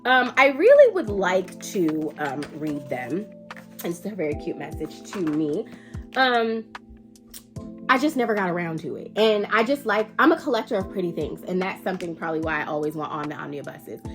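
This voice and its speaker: A woman's voice: on the low side, sing-song, normal speed, music in the background. A woman with a stuffy, nasal voice from allergies, chatting casually and playfully to her viewers about her book collection, with the odd swear word. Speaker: book vlogger. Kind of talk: casual chat to camera.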